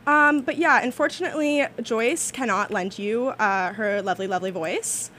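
A young woman hosting a college radio show in casual, rambling chat, slightly out of breath and a little shrill, talking into a studio microphone. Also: normal speed, pushed and bright. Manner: rambling, filler-heavy, self-deprecating.

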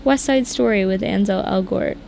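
A young woman co-hosting a casual chat, ranting animatedly with lots of "like" and big jumps in pitch. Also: moderate pace, creaky, a little mellow, a little hiss or hum. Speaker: podcast co-host.

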